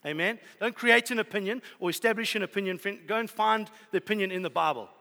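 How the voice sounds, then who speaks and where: A man preaching a sermon, telling a story with lively swings from loud to hushed. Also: sits high, fast, creaky. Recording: long hall reverb.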